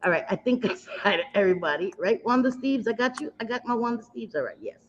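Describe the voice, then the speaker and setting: Her fairly high voice moves quickly and expressively as she hosts a laid-back makeup stream, chatting at length and teasing herself. Viewers get greeted with affectionate pet names. The recording is slightly dull lo-fi livestream audio with a little hiss or hum.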